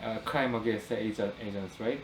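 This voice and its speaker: Halting man co-hosting in an echoey room. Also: fairly low pitch. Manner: halting, frequent backchannel agreement. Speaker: podcast co-host. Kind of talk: casual podcast chat. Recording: echoey room with faint ambient noise.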